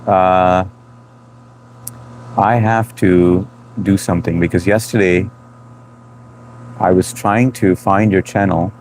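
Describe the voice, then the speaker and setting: A man's voice: deep voice, a little mellow, slight background noise. A man in his thirties hosting a live stream, chatting loosely and greeting viewers by name. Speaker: livestream host reading chat. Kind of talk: casual live chat.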